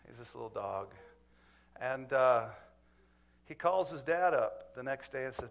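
A male preacher in a middle-pitched voice, spinning a folksy tale for his congregation. He chuckles now and then as he talks and calls his listeners folks. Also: expressive, a little slow, gravelly, pauses often. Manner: folksy, chuckling storyteller who addresses the crowd as folks. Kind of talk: sermon with a folksy story.

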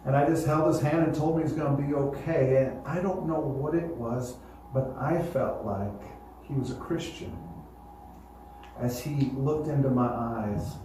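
Male pastor, sermon, mellow tone, heard from afar in a roomy hall. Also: mid-range voice, measured pace, slight background noise. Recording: echoey hall, voice from far off.

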